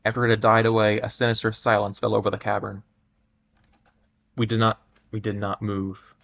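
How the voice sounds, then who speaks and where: A man giving a dramatic reading of an old adventure story at a measured pace, sometimes stumbling and restarting words. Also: on the low side, monotone, gravelly, fairly bright tone. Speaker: reader. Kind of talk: dramatic reading of pulp fiction. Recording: muffled lo-fi recording.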